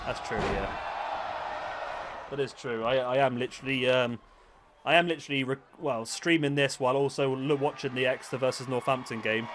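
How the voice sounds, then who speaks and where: A man's voice: mid-range voice, fairly quick. A young man streaming a wrestling game, chatting casually with his viewers in a self-mocking way. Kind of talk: casual live-stream chat and commentary. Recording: loud game crowd and background noise.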